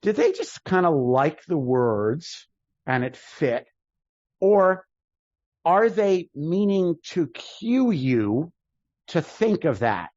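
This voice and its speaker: A man's voice: a little high, takes it slowly, no echo. Rabbi guy teaching a class, lots of rhetorical questions, muffled dry audio. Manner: animated, thinks aloud with restarts and rhetorical questions. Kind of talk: casual classroom lecture. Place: synagogue classroom with video call.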